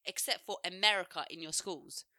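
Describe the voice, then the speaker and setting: Woman, podcast co-host, blunt, swears a lot, bright voice, lowish pitch. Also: fairly quick, no echo, clean studio sound. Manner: blunt, swears freely, laughs often. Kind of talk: casual chat.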